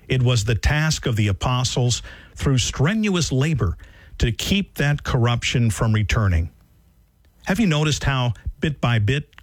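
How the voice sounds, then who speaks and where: A man reads a homily in a measured, earnest voice of middle pitch, raising it to stress key phrases. The recording is dry and close. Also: no room sound. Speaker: reader. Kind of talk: liturgical reading of a homily.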